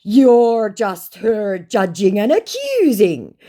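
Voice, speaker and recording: A woman voicing a smug, evasive male online scammer in a dismissive, drawn-out way. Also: medium pitch, huge pitch swings, dark tone, voice pushed up.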